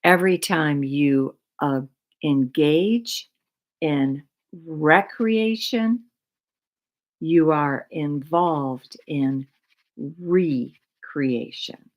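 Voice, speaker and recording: A middle-aged woman giving a slow, reflective talk on mindful living, repeating words with long pauses. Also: deep voice, low-quality recording.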